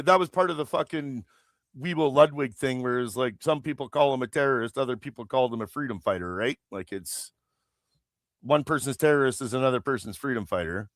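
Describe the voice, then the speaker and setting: On his political livestream, a Canadian man with a high-ish, fairly bright voice rages, swearing heavily and restarting as he rambles. The clean studio sound has no echo.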